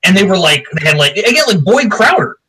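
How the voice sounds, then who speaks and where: Male co-host, bright tone, loose and rambling, quick to laugh. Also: high-pitched, breathy edge, rough recording. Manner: rambling, animated, laughs often. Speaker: podcast co-host. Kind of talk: casual chat.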